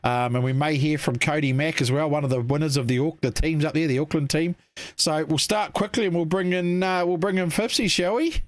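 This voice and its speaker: A man's voice: a little high, a little fast, no room sound. Laid-back New man co-hosting. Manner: relaxed, rambling with fillers. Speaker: co-host. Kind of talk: casual livestream chat.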